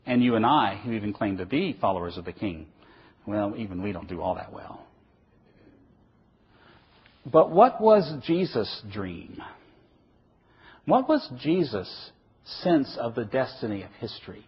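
Husky, animated man preaching. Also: lowish voice, brisk. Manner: animated, emphatic, asks and answers his own questions. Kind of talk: sermon lecture. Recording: dull lo-fi recording.

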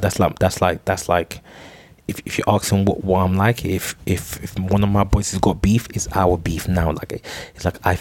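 A man's voice: sits low, a little mellow, no room sound. A young man telling a long, rambling story alone on his podcast. He stumbles over and repeats words and swears freely. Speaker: podcast host.

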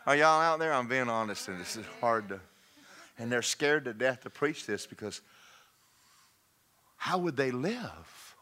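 A man preaching a sermon in an animated way, shouting, laughing and putting on mocking voices. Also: mid-range voice, measured pace, pauses often.

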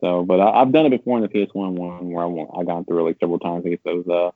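A deep-voiced man rattles off his thoughts at speed, cursing freely and getting worked up as he rambles. The sound is thin and tinny like a phone line, and completely dry. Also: very fast, dry recording. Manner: swears a lot, rambling and animated when venting. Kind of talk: casual gaming chat.

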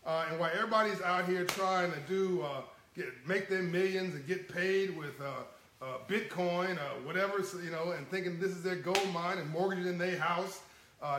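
A man with a high voice talks to his livestream viewers in a casual, folksy way. He chuckles often and stays animated. The sound bounces around an echoey room. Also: slight background noise. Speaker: livestream host.

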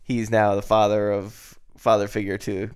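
A man's voice: lowish voice, completely flat delivery, moderate pace, smooth. A man co-hosting a podcast, chatting casually and earnestly about a movie with lots of "like" fillers. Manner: earnest, enthusiastic, many "like" fillers. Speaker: podcast co-host. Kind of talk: casual chat.

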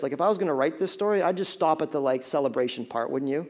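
Guy preaching a sermon, pretty high voice, chatty then quiet and pleading. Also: rapid-fire. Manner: conversational and emphatic, dropping to a hushed appeal. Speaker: pastor.

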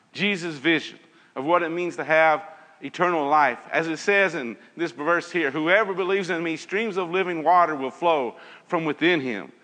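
A man's voice: a little high, pushed and bright, big-room sound. A man leading an evening Bible lesson, earnest and repetitive, reading scripture aloud. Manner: earnest, repeats phrases, reads scripture aloud. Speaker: Bible teacher.

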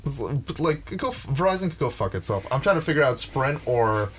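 A man's voice: mid-range voice, big pitch swings, fairly quick, a bit bright, slight background noise. Ranting profane young man. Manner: profane, ranting, with many restarts. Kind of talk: casual chat.

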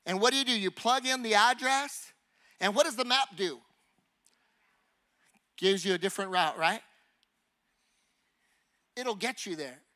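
A man preaching a sermon. He talks in a conversational, animated way, firing rhetorical questions at the congregation and acting out little scenes. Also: high-pitched, measured pace, long pauses. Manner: acts out little scenes and honking noises.

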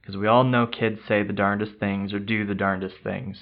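An upbeat male host with a low voice, warmly thanking and prompting his panel. The recording sounds dull and lo-fi. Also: little pitch movement, moderate pace. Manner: upbeat, appreciative. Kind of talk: hosting a panel.

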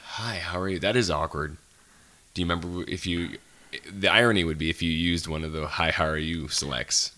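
Low-voiced bright chatty male host. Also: steady tone. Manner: chatty, joking, quick to react. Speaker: podcast host. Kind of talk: casual podcast interview.

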